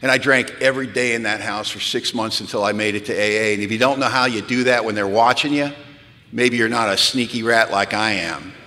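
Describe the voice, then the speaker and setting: A man from California telling his recovery story at a retreat, candid and wry, sinking low and quiet, then rising to pleading intensity. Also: fairly quick. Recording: long hall reverb.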